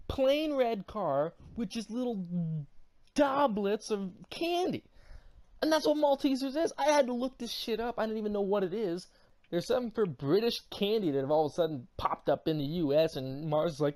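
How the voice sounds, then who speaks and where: A woman's voice: mid-range voice, very animated, moderate pace, darkish tone. A woman co-hosting a casual podcast, brash, profane and teasing as she gives her commentary. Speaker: podcast co-host.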